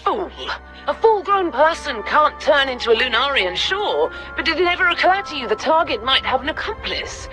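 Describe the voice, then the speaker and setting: Harsh female commander, game scene; high, sharp and lively, snaps orders. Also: normal speed, soft background music, exaggerated voice. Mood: commanding. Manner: barks orders, scornful. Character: harsh, short-tempered female military commander. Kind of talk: game cutscene voice acting.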